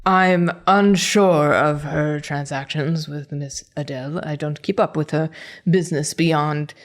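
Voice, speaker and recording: A woman putting on a nervous female suspect who hedges and stammers through questioning. The voice sits low and the speech drags, full of pauses and restarts. It is an improvised tabletop role-play. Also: fairly even intonation. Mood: evasive. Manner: halting, stammering, evasive.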